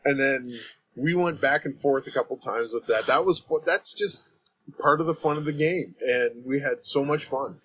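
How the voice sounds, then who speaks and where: A Canadian man with a Canadian accent talks through a casual podcast chat, rambling and restarting his thoughts. His voice sits at a middle pitch, and the recording sounds dull and lo-fi. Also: moderate pace, fairly bright tone, slightly rough. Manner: rambling, self-interrupting, laughs often. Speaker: podcast host and guest.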